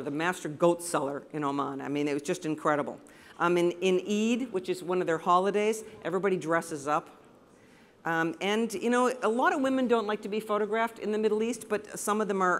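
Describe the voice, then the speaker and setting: A woman from the United States, a photographer giving an enthusiastic, anecdotal slide presentation to a live audience in a room. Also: on the low side.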